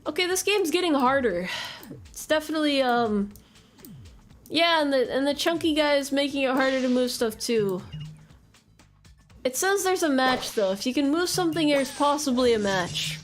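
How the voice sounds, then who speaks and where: High-voiced woman streamer chatting. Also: animated, moderate pace, soft background music. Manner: rambling, swears casually, answers chat. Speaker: game streamer. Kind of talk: casual chat while playing a game.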